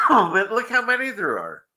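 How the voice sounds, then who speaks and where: A man's voice: high-pitched, wildly swooping pitch, a little slow, bright, forceful tone. A man hosting a casual livestream show, rambling through clips with frequent chuckles and conspiratorial asides. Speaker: show host.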